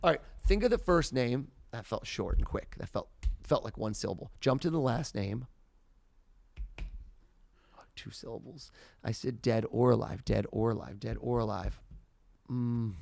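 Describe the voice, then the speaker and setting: A man performing mind-reading as a podcast guest, talking theatrically and building to loud excited bursts. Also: mid-range voice, moderate pace, vocal fry. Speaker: mentalist guest.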